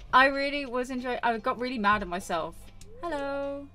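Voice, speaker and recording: Playing a farming game for her YouTube channel, a woman with a high, sharp-toned voice gives casual gameplay commentary. She rambles, scolds herself, and leans on lots of fillers.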